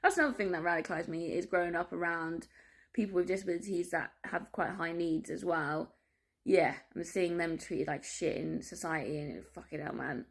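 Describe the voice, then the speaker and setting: A woman vlogging a candid personal monologue, rambling, swearing freely and breaking off with laughs and quick apologies. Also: fairly low pitch, creaky, husky. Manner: restless, self-interrupting, apologetic asides.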